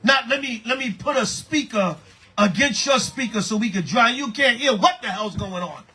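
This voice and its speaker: Male priest, high bright husky voice, animated street-style sermon. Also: normal speed. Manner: animated, preaching with call-and-response.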